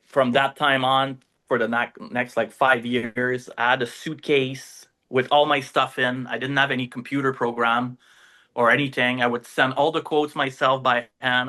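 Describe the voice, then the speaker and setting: A native French speaker with a French accent tells his story as a podcast guest, rambling along with plenty of fillers and tag questions. His voice is mid-range and bright, with a forceful tone, in a casual interview-storytelling style.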